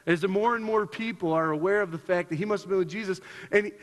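Guy preaching in a church hall, kinda high voice, lots of reverb, earnest and repeats himself. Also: quick pace. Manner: earnest, repeats himself, rises in pitch for emphasis. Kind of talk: sermon.

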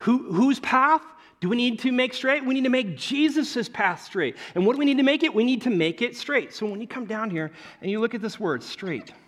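Animated high-voiced male pastor preaching. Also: moderate pace, hardly any pauses. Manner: conversational and animated, acting out quoted voices. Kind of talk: sermon. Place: church.

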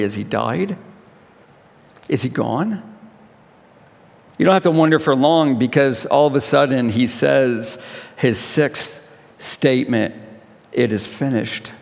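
A male pastor leads communion with a passionate sermon, his voice rising to loud cries and falling to near-whispers. There's vocal fry in his delivery, and a long reverb tail trails after his words.

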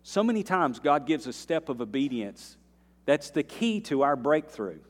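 A male pastor preaching a sermon, swinging between quiet earnest passages and loud, rising bursts, with folksy asides to the congregation. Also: fairly high pitch, sing-song, normal speed. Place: church sanctuary. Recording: long reverb of a church hall.

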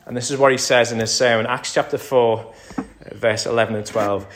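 A man's voice: mid-range voice, fairly even intonation, brisk, fairly bright tone, a little hiss or hum. A man preaching a sermon, building to emphatic peaks and dropping to near-whispers. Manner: rises to emphatic crescendos, drops to near-whisper. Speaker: pastor.

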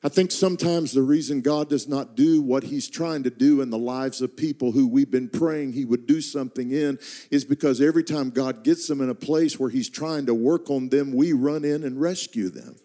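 A middle-aged pastor telling a personal story in a sermon, moving between quiet, slowed narration and rising, impassioned intensity. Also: male voice. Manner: builds from hushed, slow narration to impassioned, high-pitched intensity.

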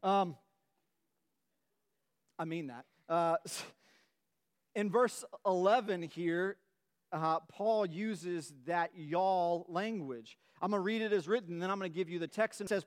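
A man's voice: high-pitched, animated, moderate pace. A man preaching a sermon in a church, emphatic, often repeating and restarting phrases as his fervor builds. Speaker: pastor. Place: church sanctuary.

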